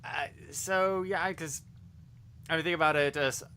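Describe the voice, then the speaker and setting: A man's voice: fairly high pitch, normal speed, sharp tone, slight background noise. A man co-hosting a casual review podcast, talking with enthusiasm and lots of fillers and restarts. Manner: enthusiastic, rambling with many fillers. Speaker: podcast co-host.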